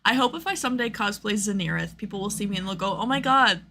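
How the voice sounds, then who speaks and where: A woman's voice: mid-range voice, fast, gravelly, sharp tone, a little hiss or hum. A young woman streaming, chatting casually with lots of fillers and acted-out quotes. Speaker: streamer host.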